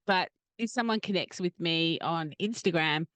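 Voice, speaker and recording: A woman's voice: on the low side, normal speed, a bit bright, no echo. A woman hosting a podcast, chatting casually and agreeably with her guest. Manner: agreeable, lots of listening sounds. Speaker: podcast host.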